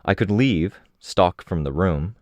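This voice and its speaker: Man, audiobook narrator, very low voice, dry close sound, steady pacing. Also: slow, no echo.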